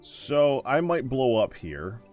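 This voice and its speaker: A man's voice: medium pitch, sing-song, slow, a little mellow, soft background music. A man in a casual gaming chat, wry and matter-of-fact. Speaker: gamer.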